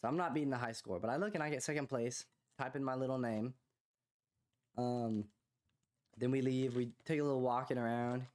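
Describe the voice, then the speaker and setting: Young man, podcast co-host, casual rambling story, lots of fillers, mid-pitched voice. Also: fairly quick. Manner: rambling, filler-heavy, animated when quoting others.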